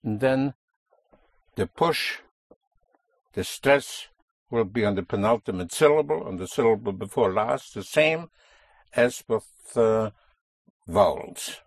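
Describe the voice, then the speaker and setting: A man's voice: lowish voice, lively intonation, slow, long pauses, no echo. A man teaching a language lesson, explaining a stress rule patiently and stressing key words.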